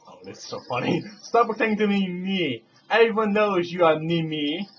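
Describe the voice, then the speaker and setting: A man's voice: high voice, lively intonation, normal speed, faint music behind. A man voicing two rival female fairy guides who trade rhyming insults in a singsong voice. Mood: bickering. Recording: dull lo-fi home recording.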